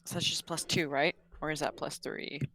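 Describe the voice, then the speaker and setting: A woman's voice: low voice, steady tone, moderate pace, a bit bright, slight background noise, low-quality recording. A woman playing a tabletop game, chatty and questioning, over voice chat. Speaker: player. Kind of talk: casual tabletop role-play.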